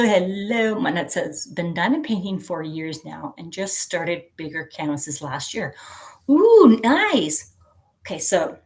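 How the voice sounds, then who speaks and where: Slow, chatty woman hosting a livestream. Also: on the low side. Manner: chatty, giggly, reads viewer comments aloud. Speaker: livestream host. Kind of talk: casual chat with live viewers.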